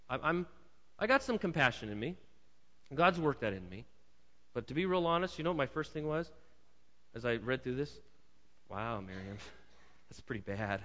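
A man's voice: a little high, pushed and bright. A male pastor preaching a sermon in a conversational way, with jokey asides and words often repeated. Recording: dull sound in a long-reverb hall.

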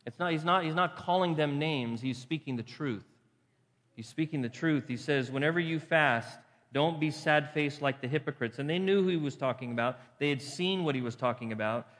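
A man's voice: fairly high pitch, moderate pace, fairly bright tone. A pastor preaching a conversational sermon. He poses rhetorical questions to the congregation and repeats phrases for emphasis. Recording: long hall reverb.

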